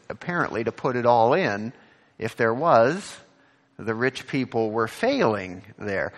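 Guy preaching a sermon real slow, earnest, echo trails off like a big hall. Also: very animated. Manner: earnest, repeats words, rises in pitch on questions. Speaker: pastor.

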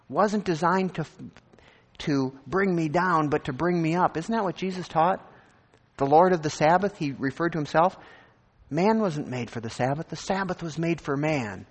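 Animated male preacher in a reverberant hall. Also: a little high. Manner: animated, acts out scripture and imagined speakers. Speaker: pastor. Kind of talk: sermon.

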